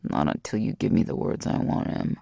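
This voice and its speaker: A dominant, commanding man speaks in a low, gruff voice, played by a woman narrator. Each demand comes slow and deliberate, with a gravelly rasp. The sound is close and dry. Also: sing-song, warm tone, dry recording, heavily acted.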